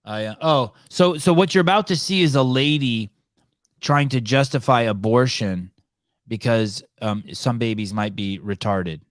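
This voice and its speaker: A man hosting a live call-in podcast, talking in a rambling, halting way with many restarts. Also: medium pitch, dry recording, clean studio sound. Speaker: podcast host.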